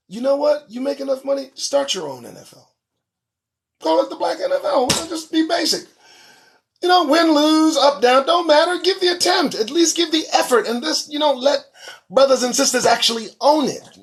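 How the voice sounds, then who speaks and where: A man's voice: extremely high pitch, lively intonation, normal speed, fairly bright tone. A man hosting his own show, reading news headlines and ranting about them in a profane, sarcastic way. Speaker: show host. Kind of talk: solo commentary on news headlines.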